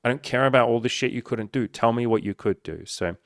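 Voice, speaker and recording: A man's voice: medium pitch, brisk, no room sound, studio quality. A man speaking as a dating coach in a blunt, profane, emphatic motivational monologue.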